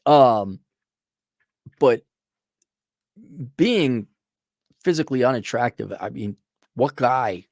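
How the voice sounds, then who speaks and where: A man's voice: lively intonation, takes it slowly, creaky, pauses often, a little mellow, dry recording, clean studio sound. Blunt sardonic man on a livestream. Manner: blunt, sardonic, mocks in falsetto voices. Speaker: livestream host reading viewer donations. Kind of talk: casual livestream commentary.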